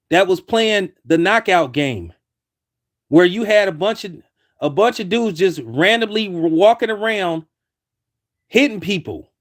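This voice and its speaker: A man with a high-pitched voice delivers a fired-up opinion rant. He talks in bursts and keeps restarting and repeating his phrases as he presses his argument. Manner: heated, repetitive, many restarts. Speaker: commentator. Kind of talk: ranting opinion commentary.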